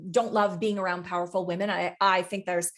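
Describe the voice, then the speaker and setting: A woman's voice: fairly low pitch, brisk. Candid, swearing woman podcast co-host. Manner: candid, swears freely, animated storytelling. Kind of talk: casual podcast chat.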